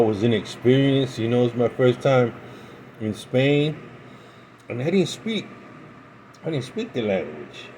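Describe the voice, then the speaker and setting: A middle-aged American man casually telling a rambling story about his past, halting and restarting often. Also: mid-range voice, a little mellow, a little hiss or hum, low-quality recording. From United States. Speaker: pipe-smoking vlogger.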